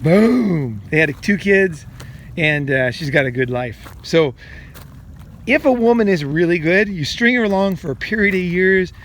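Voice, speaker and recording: Blunt, crude man ranting casually. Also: high-pitched. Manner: crude, blunt, rambling, swears often. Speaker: podcast host giving dating advice. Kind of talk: casual monologue.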